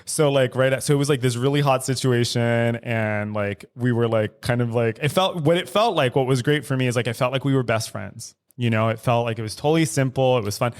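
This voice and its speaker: A man's voice: mid-range voice, fairly quick, few pauses. A man in easy podcast conversation, telling a frank story about his own life. He acts out the people he quotes, fills his lines with "like" and swears freely. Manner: animated storyteller acting out quoted dialogue, frequent "like" and swearing. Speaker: podcast co-host. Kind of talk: candid casual chat. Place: studio recording.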